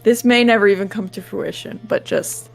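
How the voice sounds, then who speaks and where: Gravelly-voiced woman player. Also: medium pitch, normal speed. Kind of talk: tabletop role-play. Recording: faint music behind.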